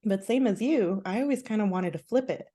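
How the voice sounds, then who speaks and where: A woman's voice: mid-range voice, fairly quick. A woman from the United States, hosting a podcast in a casual conversational chat, telling stories with lots of "like" and "you know". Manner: chatty, leans heavily on "like" and "you know", animated storytelling. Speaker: podcast host.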